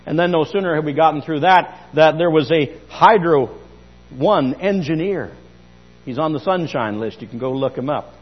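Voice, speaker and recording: A man preaching a sermon in church as pastor, telling stories with emphasis and bursts of loud speech. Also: on the high side, normal speed, husky, big-room sound, lo-fi sound. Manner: emphatic storyteller, rising to loud outbursts.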